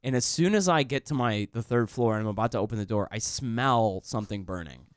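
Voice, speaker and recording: A man, a comedian guest on a podcast, telling a story in an animated, profane, rambling way full of "like". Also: on the low side, brisk, clean tone, no room sound, clean studio sound. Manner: animated and profane, frequent "like" fillers. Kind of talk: casual storytelling.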